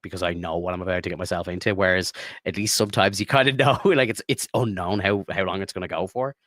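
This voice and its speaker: A man's voice: low voice, fast, no echo, clean studio sound. A man co-hosting a podcast in casual chat, rambling easily with lots of fillers. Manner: relaxed, rambling, lots of "like" and "you know". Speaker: podcast co-host.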